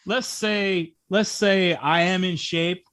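A man's voice: high voice, steady tone, slow, a bit bright, smooth, no echo, clean studio sound. A man hosting a casual interview, asking questions and making teasing, self-deprecating jokes. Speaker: interview host.

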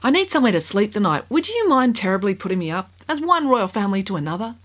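A woman's voice: medium pitch, sing-song, fast talker, a bit bright. A woman voicing a practical, grumpy young princess in a storybook reading, with a blunt, exasperated manner.

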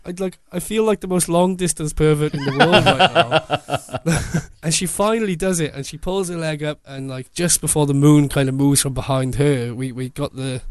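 A man, a photographer telling a lively story in casual chat and laughing often. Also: fairly high pitch, moderate pace, no room sound. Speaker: photographer guest.

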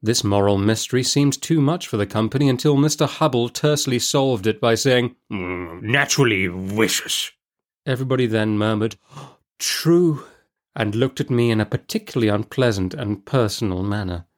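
A man reading a classic novel aloud in a measured, expressive storybook narration. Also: medium pitch. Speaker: audiobook reader.

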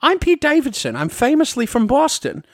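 A man doing a high, incredulous impression of a brash, bewildered adult man, recorded dry on a podcast mic. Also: huge pitch swings, moderate pace, dry recording, full character voice. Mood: baffled. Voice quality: loud, high, incredulous yelling.

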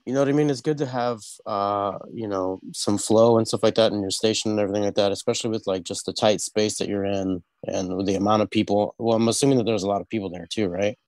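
A man's voice: on the low side, steady tone, quick pace, hardly any pauses, a little mellow, no echo. A man tattoo artist, congested from a cold, chatting in a laid-back way on a video-call podcast, full of fillers. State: congested, under the weather. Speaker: tattoo artist, regular guest. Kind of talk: casual podcast chat.

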